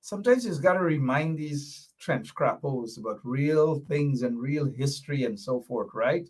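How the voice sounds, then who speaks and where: A man's voice: mid-range voice, expressive, moderate pace, noisy background. A man hosting a political commentary show, emphatic and repetitive, with a mocking edge. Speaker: show host.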